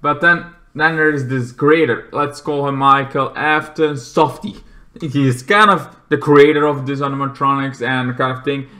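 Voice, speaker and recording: A man reviewing a movie in a rambling, casual way, restarting often and breaking into loud acted-out shouts. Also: mid-range voice, fairly even intonation, moderate pace.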